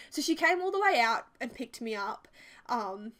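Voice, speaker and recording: Young Australian woman, high voice, casual rambling storytime, laughs a lot. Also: expressive, a bit bright. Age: 20s. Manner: chatty, rambling, quick to laugh, many "like"s. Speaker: Sims speed-build vlogger. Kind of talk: casual storytime over a speed build.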